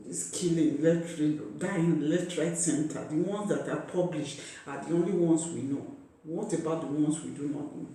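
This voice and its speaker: A man's voice: on the high side, moderate pace, mellow. A man making an impassioned, pleading appeal to his viewers, repeating himself like a preacher. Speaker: vlogger. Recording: very echoey room, far from the mic.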